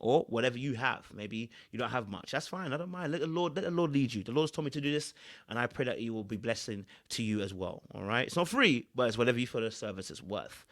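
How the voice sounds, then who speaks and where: A man's voice: mid-range voice, expressive, fast, a bit bright. A man, a relationship coach giving emphatic, preachy reaction commentary.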